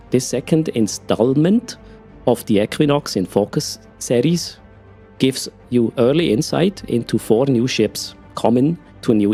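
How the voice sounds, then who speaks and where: A man's voice: mid-range voice, warm tone, husky. A man reading an announcement aloud in an exaggerated Swiss German English accent, leaning on hard k and r sounds.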